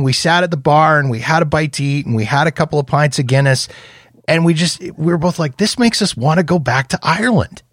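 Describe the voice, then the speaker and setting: A man hosting a podcast, talking through his thoughts in a relaxed, conversational way. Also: mid-range voice, dry recording, clean studio sound. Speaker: podcast host. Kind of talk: casual podcast interview.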